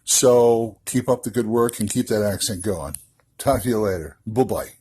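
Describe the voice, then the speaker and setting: A man's voice: fairly low pitch, normal speed, a little mellow, slightly rough. An older man leaving a friendly, chatty voicemail for a podcast. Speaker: caller. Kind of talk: voicemail message.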